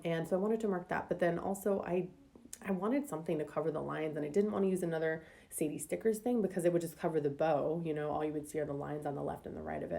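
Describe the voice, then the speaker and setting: Low gravelly-voiced woman chatting casually. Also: mellow. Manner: chatty, rambling, many ums and likes. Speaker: planner vlogger. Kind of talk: casual planner decorating voice-over.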